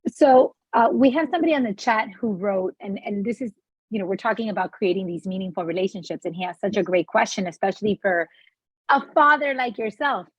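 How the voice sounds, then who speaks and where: A woman's voice: mid-range voice, brisk, husky, dry recording. A woman hosting an interview, asking polite and inquisitive questions. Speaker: host. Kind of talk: interview conversation. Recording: dry, lo-fi audio.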